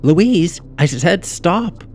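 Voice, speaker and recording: A man's voice: high voice, lively intonation, extremely slow, darkish tone, soft background music, voice pushed up, heavily acted. A man putting on a whiny little girl. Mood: scolding. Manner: pleading, scolding. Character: whiny young girl, bossy twin sister.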